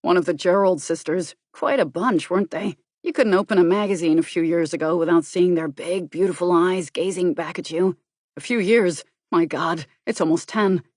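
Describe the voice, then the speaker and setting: A woman reading an audiobook, voicing a chatty, tactless male officer who talks quickly and gossips. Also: lowish voice, darkish tone, no echo, clean studio sound, close to an everyday voice. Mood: teasing. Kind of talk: audiobook character voice.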